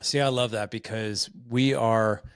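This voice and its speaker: A man's voice: fairly low pitch, fairly even intonation, a little slow, clear, resonant tone, no echo. A man hosting a podcast in casual conversation, upbeat and affirming, asking curious questions. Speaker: podcast host.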